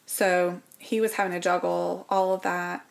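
A woman's voice: lowish voice, little pitch movement, normal speed, creaky. Earnest woman telling her story. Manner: earnest, reflective, drops to a whisper at painful moments. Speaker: guest. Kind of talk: personal storytelling interview.

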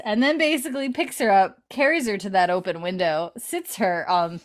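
A woman's voice: fairly high pitch, brisk, few pauses. A woman co-hosting a casual chat, animatedly retelling a TV scene with many fillers. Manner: animated storytelling, many "like" fillers, laughs often. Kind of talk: casual chat, recapping a TV episode.

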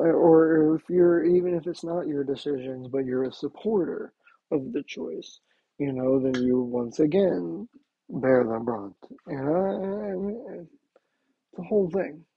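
A man's voice: a little high, creaky, slightly rough, dry recording, phone-quality sound. A man hosting a talk show, rambling casually with many fillers and restarts. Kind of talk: casual monologue.

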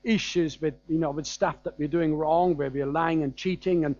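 A man's voice: a little high, fairly even intonation, normal speed, a little mellow, dull audio. A man with a German accent preaching a sermon in a conversational, anecdotal way, with frequent fillers and chuckles.

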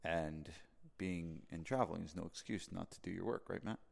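A man's voice: low-pitched, moderate pace, vocal fry, big-room sound. A man from New Jersey, a podcast host, telling a casual story full of fillers and asides. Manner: rambling, filler-heavy, animated when making a point.

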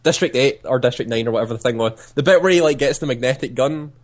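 A man's voice: mid-range voice, fast. A man co-hosting a casual gaming podcast, wry and sarcastic in his asides.

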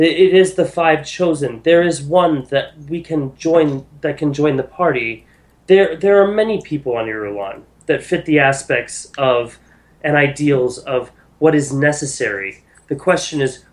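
A man voicing a solemn goddess who addresses a band of chosen heroes in grave, measured pronouncements. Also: fairly high pitch, a little mellow.

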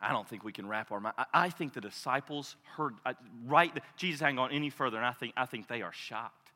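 A man in his thirties preaching a sermon as a pastor, swinging from loud cries to hushed, soft tones. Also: mid-range voice, a little fast, big-room sound.

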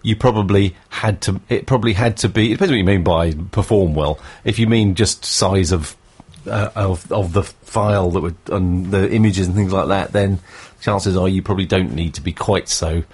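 A man's voice: low voice, moderate pace, a little mellow, husky. A man with a southern English accent co-hosting a podcast, chatting casually and laughing at himself. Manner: laughing and self-mocking. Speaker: podcast co-host. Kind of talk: casual chat.

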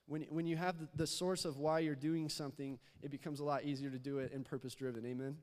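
This young man's voice sits on the high side, darkish and steady, and he talks fast. Preaching casually as a youth pastor, he often repeats words and asks the congregation to respond, his sermon echoing with long hall reverb through the church sanctuary.

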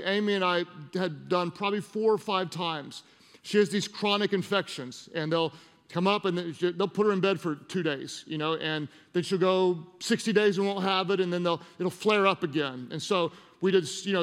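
A middle-aged man preaching a sermon as pastor, animated, swinging from soft pleading to loud emphasis in a large church. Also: high-pitched. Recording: long reverb of a large hall.

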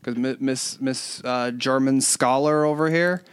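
A man co-hosting a casual chat, talkative and quick to laugh, who spells out words letter by letter. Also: medium pitch, fairly even intonation, clear, resonant tone, no echo. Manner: chatty, laughs often, spells words out slowly. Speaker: podcast co-host.

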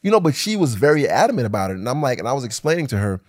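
A man's voice: mid-range voice, very fast. A man co-hosting a casual podcast, talking emphatically and swearing freely. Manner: animated, emphatic, swears, acts out quoted voices. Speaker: podcast co-host.

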